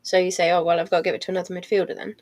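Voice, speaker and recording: A woman's voice: lowish voice, flat delivery, racing, a little mellow, dry recording. Thoughtful woman, dry close sound. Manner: thoughtful, hedging with "I don't know" and "like". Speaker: podcast panelist. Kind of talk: casual chat.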